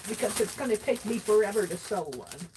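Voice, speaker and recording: A woman's voice: medium pitch, fairly quick, noisy background. A woman streaming her craft work, chatting casually and muttering to herself as she tidies and sews. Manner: chatty, talking to herself while tidying and sewing. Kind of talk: casual craft livestream chat.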